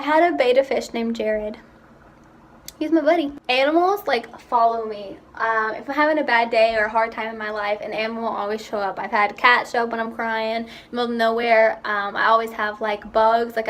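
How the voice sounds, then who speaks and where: A young woman telling stories about herself in a casual, chatty vlog, with quick asides. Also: a little high, fairly even intonation, a bit bright. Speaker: vlogger. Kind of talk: casual chat.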